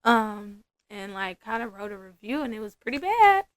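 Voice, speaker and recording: A woman's voice: on the high side, sing-song, moderate pace, clean tone, no room sound. A woman, a massage therapist guest chatting casually on a podcast and acting out her clients' lines.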